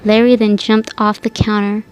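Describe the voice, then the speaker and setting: A woman's voice: mid-range voice, little pitch movement, normal speed, clean tone. A woman narrating a creepypasta story in a plain reading voice, with occasional slips and restarts.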